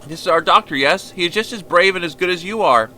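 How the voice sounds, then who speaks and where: A man doing a meek young violinist who stammers over every other word and keeps calling the listener sir. The voice sits high and bright, halting and apologetic. A lovesick, pleading game character. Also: a little hiss or hum. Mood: earnest.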